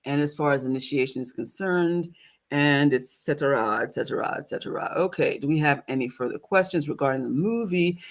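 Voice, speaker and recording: A woman's voice: sits low, a little fast. A woman spiritual teacher telling a story casually to her online audience, laughing often and stressing points with "okay?" asides.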